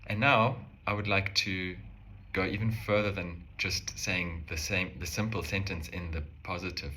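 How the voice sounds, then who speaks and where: A man calmly explaining a language lesson step by step, slowing down to say example phrases. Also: deep voice, slight background noise. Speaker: language teacher.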